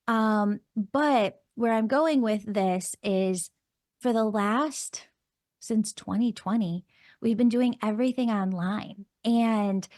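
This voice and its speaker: A woman's voice: on the high side, a little mellow, dry recording. Bubbly woman podcast host, dry close sound. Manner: enthusiastic, gushing, lots of "like" and "oh my God". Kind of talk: casual storytelling chat.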